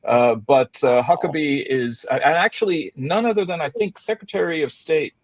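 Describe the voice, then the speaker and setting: A man hosting a panel discussion on the week's news, halting with filler sounds and dropping sardonic asides. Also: a little high, no echo. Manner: halting, many filler sounds between phrases. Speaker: host.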